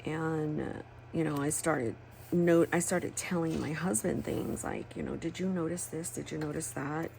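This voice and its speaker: A low-voiced woman talks through her crafting in a loose, rambling way and swears freely. Her voice has a gravelly rasp. Faint room noise hums behind her. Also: steady tone, normal speed, a little mellow. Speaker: planner crafting vlogger. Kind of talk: casual chat while crafting.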